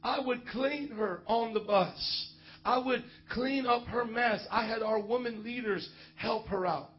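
High-voiced pastor telling lively stories. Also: male voice, a little slow, muffled recording. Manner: animated, joking, often laughs mid-story. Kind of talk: sermon storytelling.

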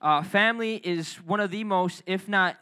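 High-pitched, lively youth pastor. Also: male voice, normal speed, smooth. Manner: energetic, calls for crowd responses. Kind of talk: youth sermon. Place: church youth service.

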